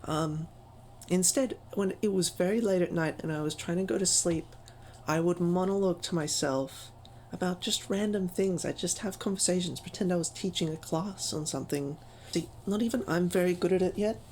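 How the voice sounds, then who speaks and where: A woman's voice: lowish voice, moderate pace, darkish tone, a little hiss or hum, poor audio. A woman giving a casual voice-training tutorial, chatty and self-deprecating, with frequent ums.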